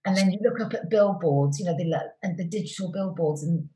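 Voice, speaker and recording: A middle-aged woman, a TV presenter as interview guest, telling stories warmly and effusively with many restarts. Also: fairly low pitch, fairly quick. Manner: warm, effusive storytelling with restarts. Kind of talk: conversational interview. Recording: roomy echoey sound.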